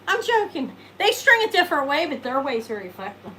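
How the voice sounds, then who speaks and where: Hosting a live jewelry sale over a noisy background, this woman chats in a rambling, casual way, answering viewers and joking and laughing at her own expense. Her voice is high, very animated, and a little fast.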